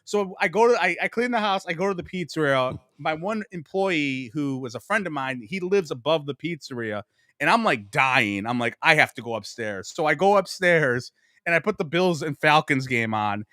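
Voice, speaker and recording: A man's voice: on the high side, expressive, moderate pace, sharp tone, no room sound, studio quality. Rambling profane man telling stories. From Buffalo, New York. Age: 40s. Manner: rambling storyteller, profane, self-mocking. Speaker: podcast guest. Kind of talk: casual sports chat.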